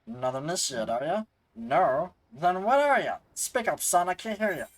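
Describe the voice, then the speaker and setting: A streamer doing a gruff old dock foreman. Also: mid-range voice, expressive, normal speed, close to an everyday voice, low-quality recording. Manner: rough folksy dialect, grumbling. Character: gruff older dockside foreman, grumbling. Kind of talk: reading game dialogue aloud in character.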